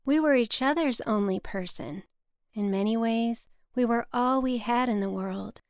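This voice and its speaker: Smooth-voiced woman reading her own story. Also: on the high side, measured pace, no echo, studio quality. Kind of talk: scripted personal narration.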